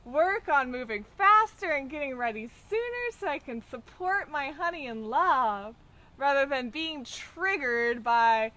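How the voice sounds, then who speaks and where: Slow bright-voiced woman teaching. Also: high-pitched, lively intonation. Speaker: tantra teacher. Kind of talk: casual teaching chat.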